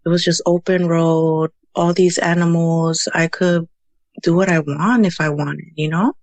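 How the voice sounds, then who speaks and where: A woman's voice: on the low side, steady tone, a little slow, no echo. A woman in her thirties from Houston, chatting casually as a podcast guest, telling stories with many "you know"s and Spanish words sprinkled in. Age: 30s. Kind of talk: casual storytelling interview.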